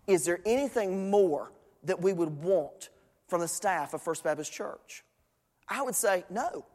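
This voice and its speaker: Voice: medium pitch, lively intonation, unhurried. Emphatic pastor in a reverberant church. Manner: emphatic, repeats phrases for stress. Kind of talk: sermon. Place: large church sanctuary. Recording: long reverb of a church hall.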